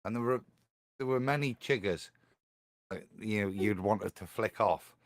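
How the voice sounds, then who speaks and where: A man on a live-stream panel chatting in a rambling, animated way. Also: fairly low pitch, measured pace, no room sound. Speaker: panel guest.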